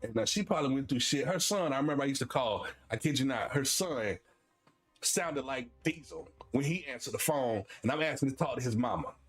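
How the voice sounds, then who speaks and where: A Florida streamer and host in his forties tells stories casually, laughing and animated, his voice alternating between high excited bursts and low asides. He speaks a little fast, with soft music in the background.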